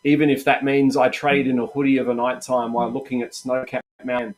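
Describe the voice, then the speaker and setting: A man's voice: medium pitch, monotone, a little fast. A middle-aged Australian man hosting a live trading stream, chatty and encouraging, calling viewers "mate" and "guys". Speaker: live trading room host.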